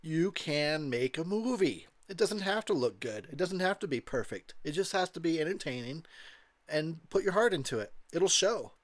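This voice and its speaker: A man's voice: on the high side, expressive, normal speed, no room sound. A tipsy man giving rambling, crude commentary over a movie, laughing often. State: tipsy from drinking. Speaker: commentary host.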